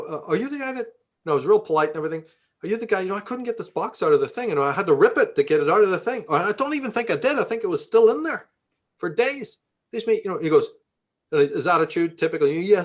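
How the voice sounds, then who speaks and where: Profane Belfast-accented man telling stories. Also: fairly high pitch. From Northern Ireland. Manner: profane, acts out quoted dialogue. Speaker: interview guest. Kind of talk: conversational storytelling.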